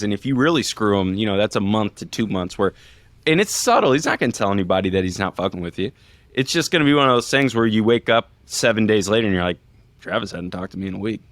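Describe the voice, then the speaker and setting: A man's voice: fairly low pitch, expressive, fast talker, fairly bright tone, no room sound. A man co-hosting a podcast, ribbing his co-hosts in casual chat. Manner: teasing, ribbing the other hosts. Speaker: podcast co-host, former walk-on.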